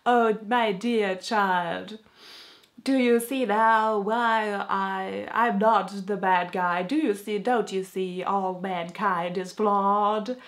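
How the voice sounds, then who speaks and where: A woman voicing a weak-voiced male villain god with a posh British accent, speaking in a slow, drawn-out, mocking way. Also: medium pitch, fairly even intonation.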